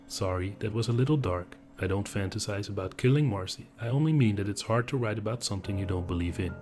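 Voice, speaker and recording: A man narrating horror stories in an even, measured storytelling voice. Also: on the low side. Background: background music.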